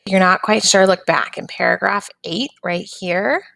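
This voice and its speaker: A woman's voice: medium pitch, measured pace, vocal fry, fairly bright tone, no room sound. A woman teacher patiently walking young students through a phonics and reading lesson, step by step.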